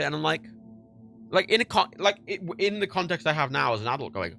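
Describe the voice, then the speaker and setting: An Irish man hosts a livestream from his home workspace, chatting casually while he packs prints for orders. His mid-range voice is fast, creaky, pushed and bright, with big pitch swings. He rambles with repeated words and fillers over soft background music.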